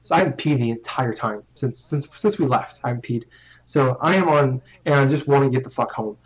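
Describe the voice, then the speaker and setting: Speaking a little fast at medium pitch, a young man tells a long, meandering story in casual chat. He swears often, pokes fun at himself, and keeps restarting sentences, all on slightly dull lo-fi audio.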